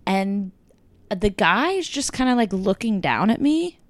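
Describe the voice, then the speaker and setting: A young woman telling a story in casual chat, full of "like" and "kinda", quoting people in lively bursts. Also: medium pitch, a little slow, dry recording.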